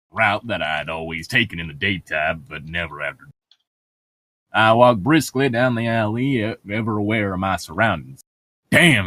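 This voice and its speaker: A man's voice: low-pitched, sharp tone, no echo. A man co-hosting a comedy podcast, reading a bad fanfiction aloud with wry jokes and asides. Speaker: podcast co-host.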